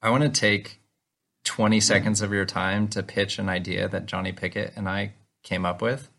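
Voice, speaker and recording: A man co-hosting a podcast in casual chat, playfully pitching ideas and joking with his co-host. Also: level tone, normal speed, vocal fry, a bit bright.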